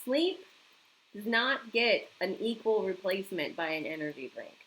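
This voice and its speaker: A talkative woman hosts a casual writing live stream from her home and answers viewer comments as they come in. Her voice sits at a middle pitch. She laughs often, and there is a faint hum of room noise behind her. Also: animated, moderate pace, fairly bright tone, low-quality recording. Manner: chatty, laughs often, reacts to chat comments.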